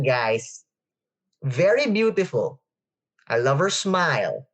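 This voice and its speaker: A podcast host on a video call who talks in an excitable, effusive way, laughs often and repeats phrases. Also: medium pitch, a little slow. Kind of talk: interview chat.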